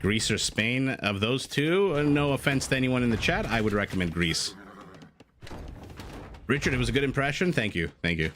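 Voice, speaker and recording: A game caster covers a strategy game live in an animated, mid-range, slightly bright voice, talking a little fast over a bit of hiss or hum. Chatty and jokey, he reads out chat messages and keeps wandering into tangents.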